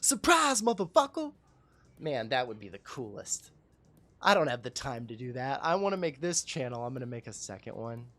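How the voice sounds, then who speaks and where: A man's voice: mid-range voice, animated, fairly quick, fairly bright tone. A man hosting a casual livestream talk show, rambling, profane and self-mocking.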